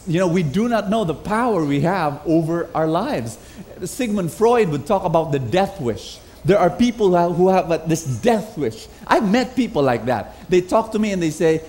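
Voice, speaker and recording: High-voiced Filipino preacher leading a crowd. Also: male voice. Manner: energetic, leads the crowd in repeating phrases. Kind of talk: sermon with call and response. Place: large hall with congregation.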